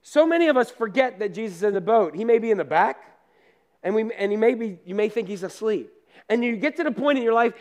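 A man with a high, light voice preaches like he is telling a story to friends. He mixes plainspoken asides into the sermon and swings between loud bursts and quiet remarks. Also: lively intonation, quick pace. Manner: conversational storytelling with down-to-earth asides. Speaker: pastor.

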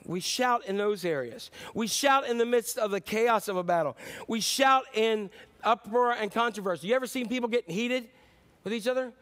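A man preaching a sermon as pastor, animated and joking with the congregation, acting out shouts and voices. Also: high voice, fairly quick. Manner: jokes with the audience.

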